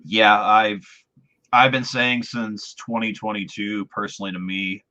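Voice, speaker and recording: A man's voice: on the low side, little pitch movement, unhurried, sharp tone. A man hosting a podcast, chatting casually and enthusiastically as a fan. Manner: enthusiastic, talkative. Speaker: podcast host. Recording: dull lo-fi audio.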